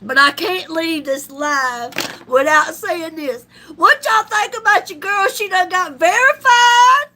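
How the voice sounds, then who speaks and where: A middle-aged woman chats on a live stream in a loud, folksy way, laughing often. Her voice sits high and sounds bright. She talks at an easy, slow pace with a faint hiss of background noise. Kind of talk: casual live-stream chat.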